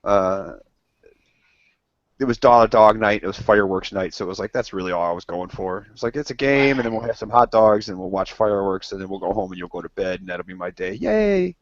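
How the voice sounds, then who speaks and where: Fast-talking and steady in tone, this low-voiced man banters with friends as a podcast co-host, rambling through stories, swearing freely, and acting out quotes. The lo-fi audio is dull and has no echo.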